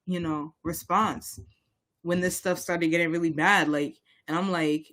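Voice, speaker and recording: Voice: mid-range voice, fairly even intonation, measured pace, fairly bright tone. A young adult podcast co-host from Boston, talking politics in a rambling, heated way with many restarts. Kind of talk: casual chat on local politics.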